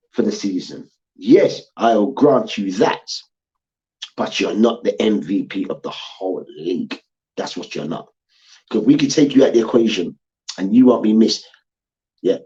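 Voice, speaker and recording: A man's voice: mid-range voice, dark tone, lo-fi sound. A man hosting a sports debate show, ranting heatedly, swearing and repeating his points for emphasis.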